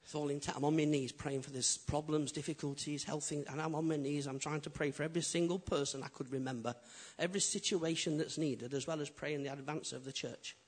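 Husky high-voiced pastor preaching. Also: male voice, fairly quick, few pauses. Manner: animated preaching, swinging from loud emphatic lines to quiet intimate ones; humorous storytelling. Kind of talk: sermon.

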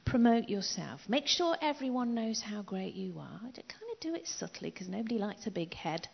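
A middle-aged woman preaching a sermon in an emphatic way, repeating key phrases and dropping into soft asides. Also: medium pitch, animated, moderate pace, gravelly, breathy edge. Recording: dull echoey hall recording.

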